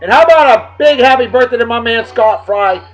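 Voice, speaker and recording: A man hosting a casual video show, giving rowdy, jokey shout-outs that swing between loud bursts and low asides. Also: a little fast. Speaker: host of a daily beer and music video show. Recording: dull lo-fi video with music underneath.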